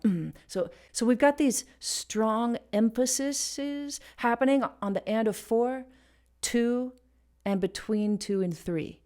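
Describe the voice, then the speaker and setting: A woman's voice: on the high side, lively intonation, slow, warm tone. A woman hosting a casual music lesson, explaining rhythm and stopping to sing and beatbox short examples. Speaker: music teacher and channel host.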